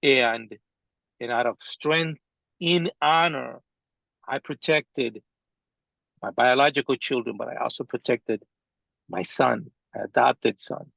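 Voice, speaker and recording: A man telling a painful personal story in a live training talk, speaking slowly and haltingly with long pauses. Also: mid-range voice, vocal fry, sharp tone, dry recording, lo-fi sound.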